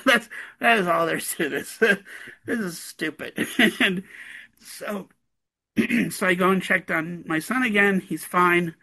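A man, a parent of a toddler, telling a story in casual conversation, animated and laughing often between lines. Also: sits high, unhurried, vocal fry, rough recording. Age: adult parent of a toddler.

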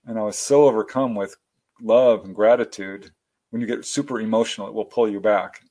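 A man telling personal stories as a guest in a casual interview, animated and laughing often. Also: fairly low pitch, a little fast.

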